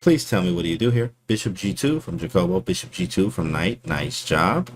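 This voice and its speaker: A man casually breaking down his chess game for his stream chat, slangy and animated, often calling people bro. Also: low voice, fairly quick, noisy background.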